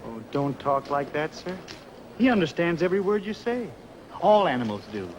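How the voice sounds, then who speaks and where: Meek gentle Androcles. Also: male voice, fairly high pitch, very animated, moderate pace. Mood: coaxing. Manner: soothing, coaxing, humble. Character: meek gentle tailor slave, middle-aged man, fond of animals. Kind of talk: 1950s film acting. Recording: old film soundtrack with noise.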